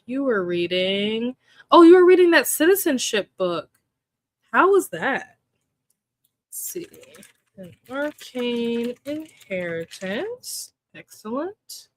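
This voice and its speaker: A young woman hosting a relaxed livestream, chatting casually, greeting viewers by name and laughing often. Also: a little high, no echo. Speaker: livestream host. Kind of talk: casual chat with live chat readers.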